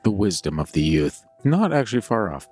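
A man's voice: on the low side, very animated, brisk, darkish tone, breathy edge, no room sound, soft background music. A man co-hosting a casual podcast, joking around and running the soundboard. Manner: jokey, playful, throws in silly voices.

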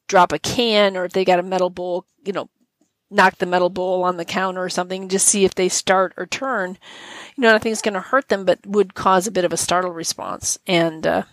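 A woman in casual conversation, talking in a relaxed, thoughtful way and often restarting her sentences. Her voice sounds dry and close to the mic, with little room sound around it. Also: mid-range voice, no room sound.

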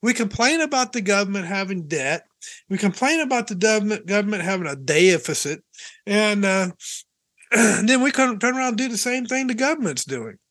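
A man's voice: high-pitched, animated, moderate pace, a bit bright, no room sound. A man co-hosting a casual Christian podcast, joking and teasing as he talks, chuckling often. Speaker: podcast co-host.

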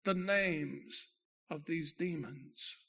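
A pastor giving a sermon with a gravelly, rough-edged voice that sits high for a man. He tells his story dramatically, rising loud, then dropping to a near hush. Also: very slow.

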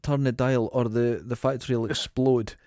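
A man's voice: medium pitch, moderate pace, dry recording, clean studio sound. A man co-hosting a casual film podcast, retelling scenes with sarcasm and crude humor. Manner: animated storyteller, sarcastic, crude. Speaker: podcast co-host. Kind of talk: casual film review chat.

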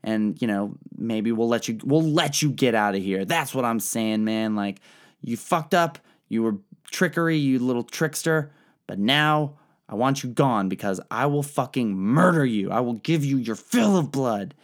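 A man's voice: expressive, normal speed, close to an everyday voice. A man voicing a furious warrior queen who hurls profane threats. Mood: scornful. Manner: profane tough-talking threats, shouted and high. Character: furious vengeful warrior queen, foul-mouthed.

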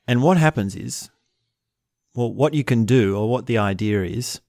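A man teaching in a slow, reflective way, often repeating short example phrases. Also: medium pitch, darkish tone, no room sound, clean studio sound. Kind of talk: spoken teaching talk.

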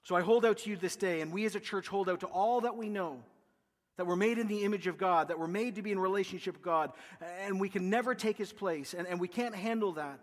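Male pastor preaching, emphatic lists, high-ish voice, big echoey church sound. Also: fast. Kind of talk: sermon. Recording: long reverb of a large hall.

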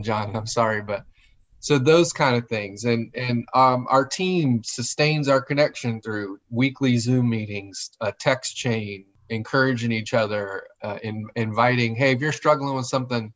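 A male pastor talking casually and animatedly, often acting out what other people say. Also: medium pitch. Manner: animated, acts out quoted voices. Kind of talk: casual conversation. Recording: dull lo-fi audio.

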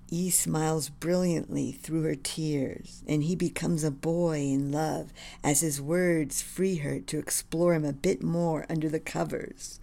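A woman reading a screenplay aloud, narrating scenes in a reverent, measured manner. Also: low voice, steady tone, vocal fry, mellow.

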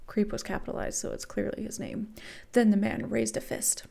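A woman's voice: medium pitch, flat delivery, normal speed, gravelly, dark tone. A woman podcast host reading fan fiction aloud and breaking off with wry, sarcastic asides.

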